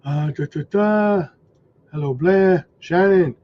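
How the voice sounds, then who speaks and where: A man hosting a crypto livestream, hoarse from losing his voice, talking emphatically and asking "okay?" and "right?" as he warns viewers. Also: sits high, slow, lo-fi sound. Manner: emphatic, warning, says "okay?" and "right?" often. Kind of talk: casual livestream commentary.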